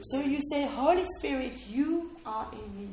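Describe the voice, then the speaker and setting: A woman delivers a sermon in a high, light voice, talking to her listeners like a conversation and often asking whether they follow. The sound has a roomy echo with faint background noise. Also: animated, normal speed, dark tone. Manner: conversational, keeps checking in with "okay?" and questions to listeners. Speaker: preacher. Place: room with a small responding audience.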